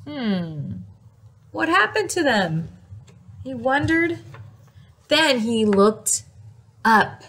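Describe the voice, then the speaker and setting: A woman teacher reading a picture book aloud to young children, expressive, gasping and asking them questions. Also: on the high side. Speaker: preschool teacher.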